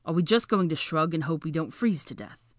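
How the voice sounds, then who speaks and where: A woman voicing a snide, sulky young male wizard with a low, drawling delivery in an audiobook reading. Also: lively intonation, a little fast, dry recording, clean studio sound. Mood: irritable. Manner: drawling, sneering. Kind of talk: audiobook character voice.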